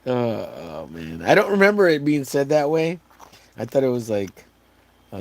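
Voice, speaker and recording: A man from Texas talks loosely to his live stream chat, rambling and cracking jokes. His voice is hoarse and gravelly, and it swings widely up and down as he riffs. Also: mid-range voice, very animated, moderate pace, a little mellow, no echo. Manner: joking, rambling, riffs on catchphrases. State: hoarse, voice wearing out.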